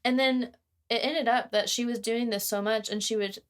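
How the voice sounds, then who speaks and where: A woman's voice: a little high, fairly even intonation, moderate pace. A young woman co-hosting a podcast, casually telling a work story in a chatty, exasperated way with bursts of laughter. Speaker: podcast co-host.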